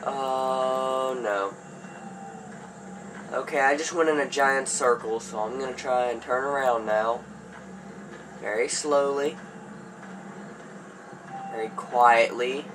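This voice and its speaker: A man's voice: mid-range voice, takes it slowly, pauses often. A man commentating a horror game as he plays, jittery and panicky and talking to himself. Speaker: gamer. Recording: hum of background noise.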